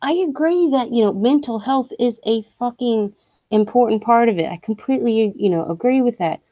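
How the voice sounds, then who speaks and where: A woman's voice: fairly high pitch, normal speed, dark tone, no echo. A young woman streamer ranting casually, blunt and profane, full of strong opinions. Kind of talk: casual rant while streaming.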